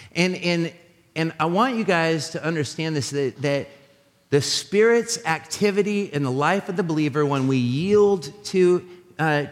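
A man preaching a sermon as a pastor, telling animated, jokey stories with many restarts. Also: fairly high pitch. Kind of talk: sermon with storytelling. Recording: live sermon in a reverberant hall.

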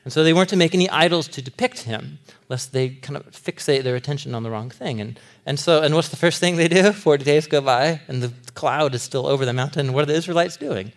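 Animated conversational preacher, a man. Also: on the high side, quick pace, few pauses. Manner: conversational, animated, laughs often, many fillers. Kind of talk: sermon.

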